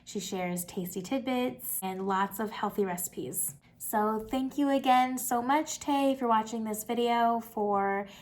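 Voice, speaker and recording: A woman's voice: a little high, a little slow, few pauses. A young woman talking casually through a cooking vlog, chatty and upbeat, with lots of fillers. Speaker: vlogger.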